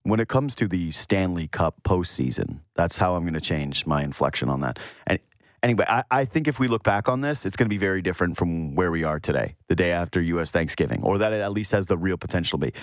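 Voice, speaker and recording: A man's voice: fast, no echo, studio quality. A man hosting a sports show, talking casually and animatedly, rambling through his thoughts. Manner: animated, rambling, mimics quotes in a higher voice. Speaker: sports radio host.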